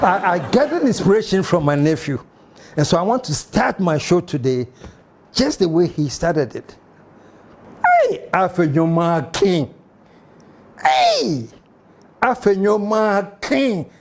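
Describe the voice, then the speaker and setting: A man with a Ghanaian English accent hosting a political commentary show, emphatic and animated with mocking asides. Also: a little high, measured pace.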